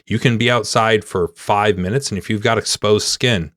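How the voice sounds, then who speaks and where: A man with a very deep voice hosts a relaxed interview and rambles easily through his own stories, swearing now and then. He is recorded close and dry. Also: normal speed, no echo. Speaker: podcast host, conflict reporter. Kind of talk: casual interview chat.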